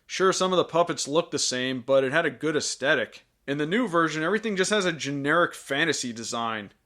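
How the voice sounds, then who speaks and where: A man delivering scripted film review commentary. He talks with a sarcastic, jokey edge. His voice sits slightly high. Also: animated, a little fast, pushed and bright.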